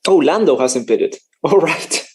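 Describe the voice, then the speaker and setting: A man's voice: fairly high pitch, expressive, measured pace, darkish tone, breathy edge. A man casually commenting on a live race for his stream, chatty and joking, laughing often and stumbling over his words.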